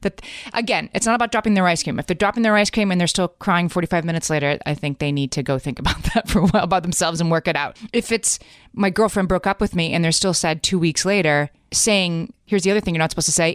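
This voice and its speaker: A woman's voice: fairly low pitch, dry recording, studio quality. A middle-aged woman co-hosting a parenting podcast, speaking directly with firm opinions and easy laughs. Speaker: podcast co-host. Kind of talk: casual parenting chat.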